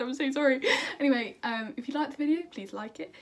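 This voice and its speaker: A woman's voice: a little high, a little fast, hardly any pauses, soft background music. A young woman chatting to camera in a bubbly, self-deprecating way, answering viewer questions. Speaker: singer and YouTuber. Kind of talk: casual chat to camera.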